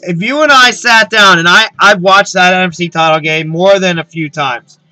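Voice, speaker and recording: A man with a fairly high, very bright voice talks football eagerly, repeating himself and piling on fillers. He sounds close and dry, with no room around him. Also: normal speed, no room sound, rough recording. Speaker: host. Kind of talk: casual sports chat.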